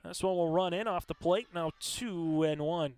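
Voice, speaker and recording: A man calling live high school softball play-by-play in a steady, conversational way, filling pauses with stats and lineup notes. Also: smooth, dry recording. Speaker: play-by-play announcer. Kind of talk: live sports commentary.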